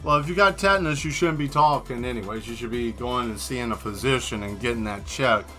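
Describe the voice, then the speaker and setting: A man's voice: medium pitch, brisk, sharp tone, faint music behind. A man hosting a casual livestream while he draws, joking and rambling straight to his viewers. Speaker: livestream host painting and answering chat.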